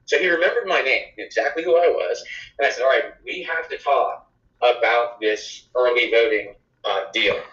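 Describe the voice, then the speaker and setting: A man talking as a podcast guest, telling a story in a conversational, animated way with exclamations. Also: medium pitch, normal speed. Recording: echoey room, dull lo-fi sound.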